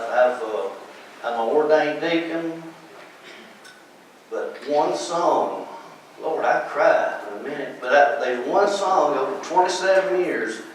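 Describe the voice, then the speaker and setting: Older man preaching his campaign pitch. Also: slight background noise. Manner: preacherly, emotional, repeats himself. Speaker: candidate at a political forum; choir leader and ordained deacon. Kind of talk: heartfelt campaign speech. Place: large echoey hall. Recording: echoey hall from far off.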